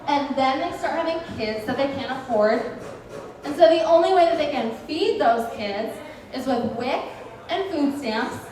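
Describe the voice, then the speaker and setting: A woman's voice: high-pitched, lively intonation, normal speed, a little mellow. A woman doing a stand-up comedy set in a bar, with a dry, sardonic, ironic delivery. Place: bar event venue. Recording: echoey room, mic picked up from far off.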